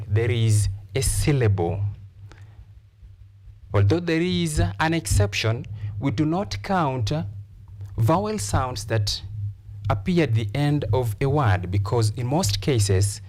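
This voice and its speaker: A man teaching a lesson on TV. He speaks slowly and deliberately, and his pitch rises and falls widely to stress words. He repeats examples and fills pauses with "uh". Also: a little mellow. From Kenya. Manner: deliberate explaining with repeated examples and frequent "uh" fillers. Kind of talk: televised classroom lesson.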